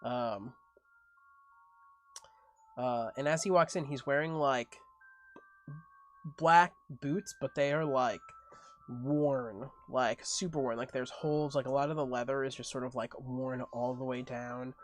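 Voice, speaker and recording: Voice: medium pitch, steady tone, measured pace, long pauses, faint music behind. A game master narrating a tabletop game, describing scenes in long, rambling runs full of fillers.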